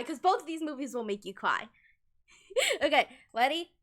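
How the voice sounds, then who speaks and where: A woman's voice: high voice, animated, moderate pace, sharp tone. A woman from Colombia chatting casually with viewers on a livestream, giggling often and talking animatedly with her hands near a desk microphone. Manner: giggly, laughs often between sentences.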